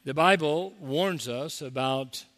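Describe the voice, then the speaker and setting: A man's voice: on the high side, slow pace, fairly bright tone, in a large hall. A man preaching a sermon as pastor, talking conversationally and mocking the people he quotes.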